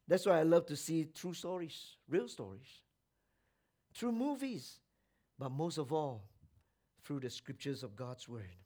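High-voiced man preaching slowly. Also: sing-song. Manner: dramatic swings from loud preaching to near-whisper. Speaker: pastor. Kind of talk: sermon.

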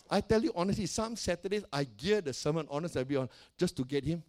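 A man's voice: fairly high pitch, animated, brisk, darkish tone. Fervent male pastor preaching. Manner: preaching with call-and-response and dramatic swings in volume. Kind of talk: sermon. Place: church.

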